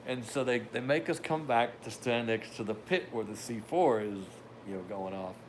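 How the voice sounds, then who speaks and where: A man's voice: medium pitch, normal speed, a little hiss or hum. An older man hosting a podcast, telling a rambling anecdote in a casual way with wry asides. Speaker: podcast host. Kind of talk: casual storytelling.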